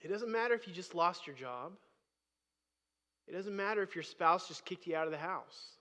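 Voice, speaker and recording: A man's voice: high voice, normal speed, bright, forceful tone. A man preaching a sermon as pastor, speaking conversationally and rising to emphatic bursts. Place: church sanctuary. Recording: long hall reverb.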